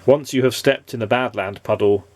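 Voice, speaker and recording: A man reading a children's picture book aloud, expressive and playful. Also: mid-range voice, normal speed, no room sound. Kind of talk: storybook read-aloud.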